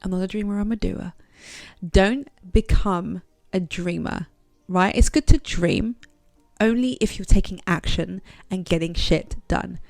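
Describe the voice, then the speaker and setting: A young adult woman talking frankly and casually in a motivational vlog, animated and not shy of swearing. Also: fairly low pitch, unhurried, gravelly, dry recording, soft background music. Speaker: vlogger. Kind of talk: candid motivational vlog talk.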